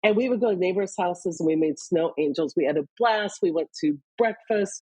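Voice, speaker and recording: A woman from Iowa, a guest, telling personal stories candidly in an interview, quick bursts between slower pauses. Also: lowish voice, a little mellow, breathy edge, dry recording, poor audio. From Iowa, US Midwest. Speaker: guest, leadership author.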